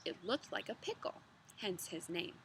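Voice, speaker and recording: A woman in her thirties reading a children's book aloud outdoors, chatty and relaxed between passages. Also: on the low side, normal speed, a little hiss or hum. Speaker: storybook reader. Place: outdoors in a yard with dogs.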